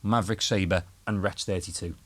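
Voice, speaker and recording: In a low voice with a breathy edge and at normal speed, a young adult man from Liverpool, England, with a Scouse accent, chats casually on a podcast as a guest guitarist. He tells animated stories, laughing and swearing often.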